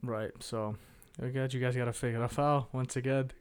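A young man chimes in on a casual podcast chat. His remarks are short, joking and full of swearing. He speaks at an average pitch. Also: level tone, clear, resonant tone. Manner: laughing, profane, quick reactive quips.

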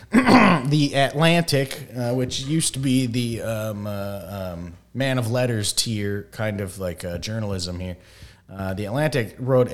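A man co-hosting a podcast, talking in a rambling, profane, casual way with lots of fillers. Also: lowish voice. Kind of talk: casual crude podcast banter.

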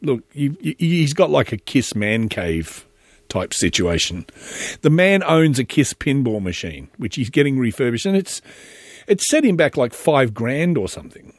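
A chatty Australian man talks through a casual monologue, rambling and restarting his sentences as he goes. His voice swings freely up and down at a middling pitch. The sound is close and dry. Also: a little mellow, no echo. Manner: rambling and chatty, with many self-interruptions and restarts.

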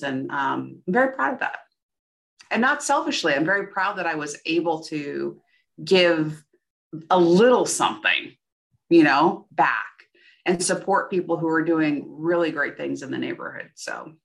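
A woman's voice: low-pitched, lively intonation, normal speed, vocal fry. A woman co-hosting a casual chat podcast, upbeat and chatty. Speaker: podcast co-host.

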